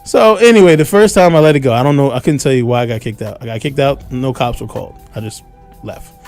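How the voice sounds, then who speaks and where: A man hosting a radio talk show, telling a long story in a casual, animated way and acting out what people shouted, on a studio microphone. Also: mid-range voice, fast, faint music behind.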